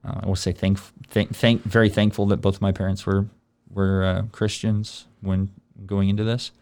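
A man in his thirties hosting a casual conversation, relaxed and rambling with many ums. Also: low-pitched, normal speed, clean tone. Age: 30s. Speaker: podcast host. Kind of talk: casual faith chat.

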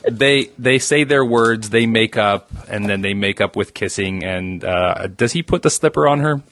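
A man's voice: on the low side, moderate pace, a bit bright, no echo. A man on a podcast, retelling a movie plot casually with hesitations.

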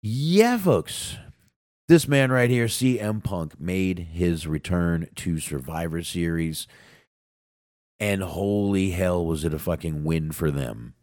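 Deep-voiced man ranting on a podcast. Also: a little slow, no echo, clean studio sound. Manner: profane, excitable, ranting. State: sinus cold. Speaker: podcast co-host. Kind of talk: casual wrestling podcast chat.

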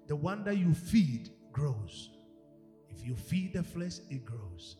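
Animated high-voiced preacher in an echoey hall. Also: male voice, slow. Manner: animated, acts out quoted voices, swings from shouting to hushed. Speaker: pastor. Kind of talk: sermon. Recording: echoey hall with music behind.

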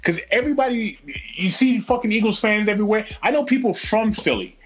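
A man's voice: high-pitched, animated, fairly quick, slight background noise, poor audio. A man chatting on a podcast, ranting heatedly and swearing constantly. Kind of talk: profane casual chat.

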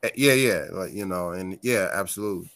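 A man guest on a podcast, telling tour stories in a casual, animated and profane way, laughing often. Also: low-pitched, a little fast, no room sound. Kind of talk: casual storytelling chat.

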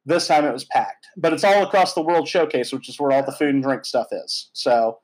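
A man in his thirties hosting a casual chat, telling a story in a lively, animated way with lots of fillers and some swearing. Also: a little high, a little fast, rough recording. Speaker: podcast host.

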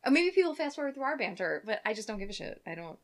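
A woman's voice: on the high side, very animated, very fast. A woman co-hosting a podcast in casual comedic chat, teasing and laughing often. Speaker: podcast co-host.

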